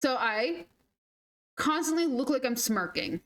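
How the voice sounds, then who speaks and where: A woman's voice: high-pitched, expressive, measured pace, a bit bright. A woman in her twenties, a game streamer, chatting casually through rambling, self-deprecating stories. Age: 20s. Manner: rambling, self-deprecating, mimics others in quotes. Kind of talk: casual storytelling chat.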